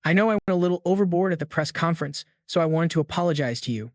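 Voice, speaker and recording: A man's voice: fairly high pitch, animated, racing, no room sound, clean studio sound. A man reading the lines of an earnest, outspoken young man in a recap story.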